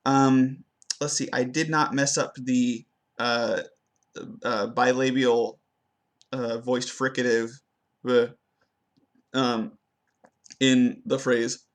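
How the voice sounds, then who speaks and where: Young male student, unhurried, halting self-review of his pronunciation, lots of ums and restarts. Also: medium pitch, fairly even intonation. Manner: hesitant, many fillers and restarts, slows down to demonstrate words. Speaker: language student. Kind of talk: spoken self-assessment of pronunciation.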